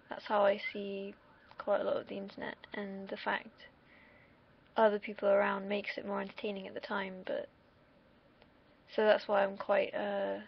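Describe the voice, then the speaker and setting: A woman's voice: mid-range voice, gravelly, lo-fi sound, slight background noise. A young woman from the UK, vlogging in a casual, rambling monologue that wanders off on tangents, with the odd swear word. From United Kingdom.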